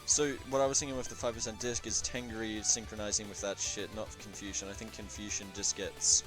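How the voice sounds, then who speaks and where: A man swearing and chatting excitably while explaining a multiplayer strategy game, sometimes chanting. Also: lowish voice, a little fast, over music. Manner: profane, excitable, chanting at times. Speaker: gamer in multiplayer session. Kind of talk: casual gameplay commentary.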